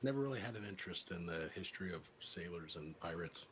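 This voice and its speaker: A man's voice: deep voice, animated, quick pace, fairly bright tone, a little hiss or hum. A man playing in a tabletop game, teasing his companions in a dry way. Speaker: tabletop player. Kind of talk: casual in-character play chat.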